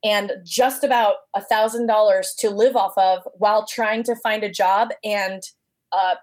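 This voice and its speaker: A woman's voice: mid-range voice, unhurried. A woman guest telling a personal story casually, acting out the voices she quotes. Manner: animated, acts out quoted voices.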